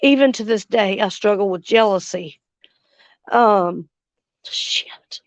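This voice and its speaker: A woman's voice: mid-range voice, normal speed, no room sound. A woman, hosting a casual livestream chat, angry and blunt, swearing heavily and answering viewers' comments. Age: 40s. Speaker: livestream host.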